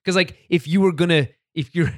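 A man's voice: fairly high pitch, brisk, no echo, clean studio sound. A man co-hosting a podcast, chatting casually about a TV episode, laughing often and restarting sentences. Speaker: podcast co-host. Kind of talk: casual chat recapping a TV episode.

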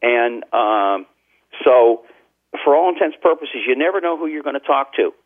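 A man's voice: medium pitch, moderate pace. Older man telling stories on a phone line. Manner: chatty, anecdotal, with frequent restarts. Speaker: talk radio host and guest. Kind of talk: casual interview storytelling.

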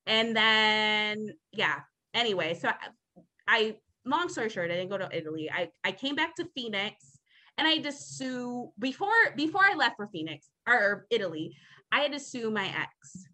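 A woman's voice: a little high, lively intonation, normal speed, sharp tone, low-quality recording. A young adult woman hosting a podcast, telling a long story in a casual, rambling, exasperated way with plenty of swearing. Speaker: podcast host.

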